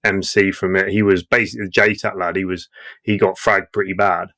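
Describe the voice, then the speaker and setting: Guest: man, 30s, lowish voice, salty and animated, laughs through his own tales. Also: brisk. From Britain. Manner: profane, acts out quoted voices, laughs often. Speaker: guest veteran. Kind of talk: casual war storytelling.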